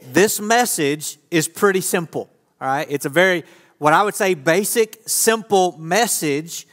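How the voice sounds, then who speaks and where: A man's voice: high voice, fairly bright tone. A man preaching an interactive sermon from a church stage, talking casually and joking with volunteers. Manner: playful, joking with the audience. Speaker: pastor. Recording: long reverb of a church hall.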